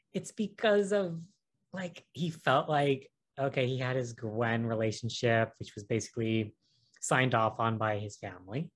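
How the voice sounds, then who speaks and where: A man guest co-hosting a podcast, thinking aloud in an unsure way and laughing often. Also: fairly high pitch. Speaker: guest co-host. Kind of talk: casual podcast chat.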